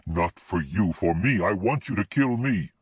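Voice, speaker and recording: A man's voice: low voice, expressive, a little slow, breathy edge, no echo, full character voice. A man voicing an earnest, urgent Death. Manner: earnest and pleading. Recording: dull lo-fi recording.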